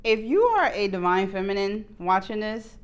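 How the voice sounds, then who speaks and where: A woman doing a casual tarot reading to her viewers, candid and profane, jumping between quiet low asides and loud excited outbursts. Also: normal speed. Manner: candid, swears freely, bursts into laughs. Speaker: tarot reader.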